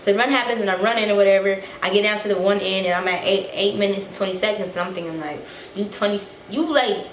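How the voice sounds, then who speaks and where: A young woman telling a casual story to her vlog viewers, animated and a little out of breath, acting out the quotes. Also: medium pitch, fast talker, few pauses. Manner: animated, acts out quotes, swears freely. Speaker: vlogger. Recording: echoey room, faint noise.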